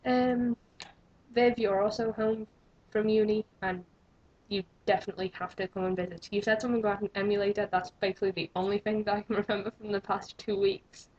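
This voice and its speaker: A young woman rambles cheerfully to her webcam, joking at her own expense. Her voice is husky and sits in a middle register. The sound is dull and lo-fi, as from a built-in camera mic. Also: medium pitch, level tone, fairly quick, darkish tone. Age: young adult. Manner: rambling, self-mocking, chatty. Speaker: vlogger. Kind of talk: rambling casual vlog.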